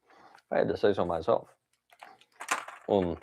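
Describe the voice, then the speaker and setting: A man's voice: low voice, steady tone, unhurried, gravelly, pauses often, mellow. A young man chatting casually on a live stream, rambling with lots of fillers and laughing as he reads viewer comments. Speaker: toy collector streamer.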